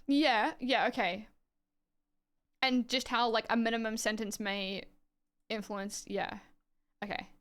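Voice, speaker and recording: A woman's voice: fairly high pitch, fairly even intonation, slow, pauses often, fairly bright tone, clear, resonant tone. An Australian woman livestreaming, reading dense legal text aloud and chatting offhand with viewers, swearing casually.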